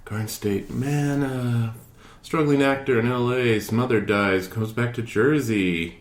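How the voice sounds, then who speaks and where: A man's voice: medium pitch, a little slow. A man in his thirties hosting a podcast in snarky, laughing casual chat. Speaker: podcast host. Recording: roomy echo.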